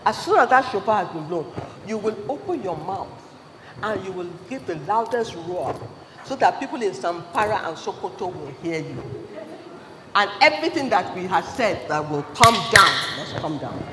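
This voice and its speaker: Inside a large event hall, a man with a Nigerian English accent gives a fiery motivational speech at a conference, firing off questions to the audience. His high-pitched voice has a sing-song lilt at normal speed, over a noisy background with long hall reverb and faint ambience.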